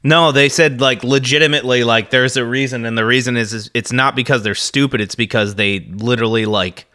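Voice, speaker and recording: A man's voice: mid-range voice, fairly even intonation, a little fast, sharp tone. A man from the Midwest co-hosting a podcast, chatting casually and ranting with heavy profanity and frequent laughter. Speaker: podcast co-host.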